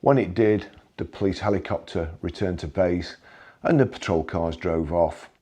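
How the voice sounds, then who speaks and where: A man with a low, dark voice recounting stories from his working life. He talks in a wry, chatty way, stumbling and restarting now and then as he goes. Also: moderate pace, breathy edge. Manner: wry, conversational, occasional restarts. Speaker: memoir storyteller. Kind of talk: anecdotal storytelling.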